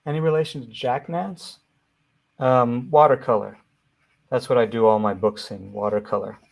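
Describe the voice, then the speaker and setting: Male illustrator co-host, casual and chatty, quick to react, mid-pitched voice. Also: fairly even intonation, vocal fry, dull audio. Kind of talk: casual live Q&A chat.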